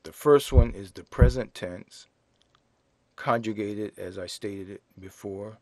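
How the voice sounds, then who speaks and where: A man teaching a French lesson in English, explaining grammar slowly and spelling out words letter by letter. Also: fairly low pitch, a little mellow, no echo. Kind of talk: slow classroom explanation.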